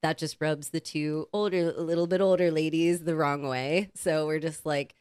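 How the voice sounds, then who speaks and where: A woman in her thirties co-hosts a casual podcast, spinning a story with lots of laughter and playful voices for everyone in it. Her voice sits a little low. The sound is dry and close. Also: normal speed, hardly any pauses, clean tone, no room sound. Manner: animated storyteller, laughs often, acts out quoted voices. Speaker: podcast co-host.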